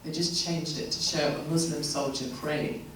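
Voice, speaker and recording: A woman's voice: deep voice, moderate pace, slight background noise. English woman chatting away to a crowd, echoey hall, sounds far from the mic. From England. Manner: chatty, animated, laughing asides. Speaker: guest speaker. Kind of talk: Q&A talk to a live audience. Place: event hall.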